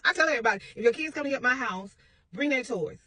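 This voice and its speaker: A woman's voice: a little high, animated, fast, sharp tone, no room sound. A woman telling a personal parenting story in a casual, blunt, rambling way, with some profanity. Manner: rambling with restarts; confident.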